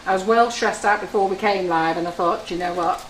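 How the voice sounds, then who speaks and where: In a home-style kitchen studio, a woman leads a live baking demo, talking briskly in a mid-range voice as she chats, tells stories and teases her viewers with jokes. The room is echoey and there's background noise.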